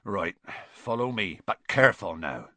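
Gruff giant gamekeeper voiced by a man, blunt talk, lively pitch, dry close sound. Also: unhurried, no echo, exaggerated voice. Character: huge gruff gamekeeper, blunt and rough-spoken.

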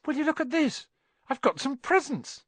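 A man doing a quiet, earnest young boy. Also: sits high, huge pitch swings, normal speed, husky, no room sound, voice pushed up, exaggerated voice. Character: quiet, polite eleven-year-old orphan boy.

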